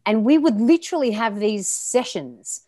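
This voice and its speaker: A woman with an Australian accent, a coach talking in a casual podcast conversation, animated, laughing often and swearing freely. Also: fairly high pitch, normal speed, no echo, studio quality.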